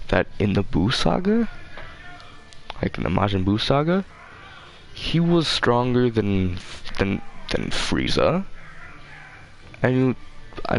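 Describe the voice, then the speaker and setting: Male host with a gravelly fry, sitting low in pitch, who talks off the cuff, curses casually and keeps losing his thread. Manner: rambling, swears freely, loses his train of thought. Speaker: channel host. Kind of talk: casual rambling commentary.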